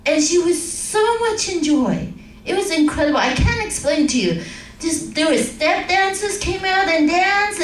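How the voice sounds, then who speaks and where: A woman pastor with a high voice tells a story in a chatty, conversational sermon. She sounds roomy and somewhat distant from the microphone. A faint hum of the room sits behind her. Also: fairly bright tone. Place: church sanctuary. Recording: echoey room, distant mic.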